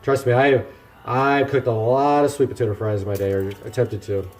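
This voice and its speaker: Cooking meal prep in his home kitchen, a man with a medium-pitched voice talks briskly while live-streaming. He chats with his viewers as he works, casually joking at his own expense.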